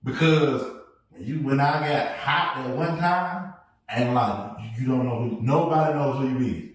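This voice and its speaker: Animated man in an echoey room. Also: moderate pace. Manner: animated storytelling, swings between loud bursts and low asides. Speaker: podcast co-host. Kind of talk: casual podcast chat. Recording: echoey room, mic at a distance.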